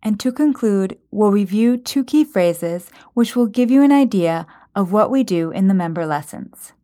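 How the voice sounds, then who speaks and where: A woman's voice: mid-range voice, animated, mellow. Woman teacher with a Minnesota accent. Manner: clear, careful, slow explanations. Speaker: language teacher. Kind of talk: explaining vocabulary.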